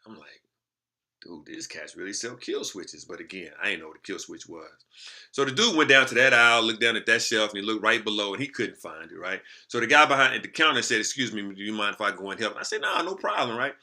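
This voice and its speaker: A man spins a story straight to the camera in loose, slangy talk. His voice sits low but rings bright and clear, and he swings from quiet asides to loud, excited bursts. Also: a little fast. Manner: lively, animated storyteller with slangy street talk. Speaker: motivational speaker.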